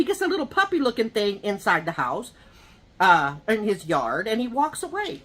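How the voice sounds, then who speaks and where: A woman's voice: medium pitch, very animated, normal speed, a bit bright. A woman vlogger chatting to her viewers while eating at home, telling rambling, gossipy stories full of asides. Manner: talks to viewers directly. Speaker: mukbang vlogger. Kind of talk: casual chat while eating.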